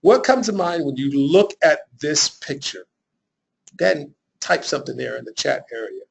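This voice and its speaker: A middle-aged man presents a live business webinar in an energetic, repetitive way. His voice sits high for a man, and he keeps turning to his viewers with quick questions for the chat. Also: creaky, husky, low-quality recording. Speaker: webinar host.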